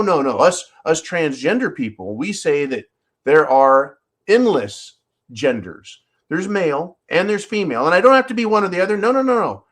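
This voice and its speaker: A man's voice: on the high side, full character voice. A man playing a brash, cocky male caller who mocks people and swears as he demands benefit money. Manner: loud, cocky, sarcastic, profane.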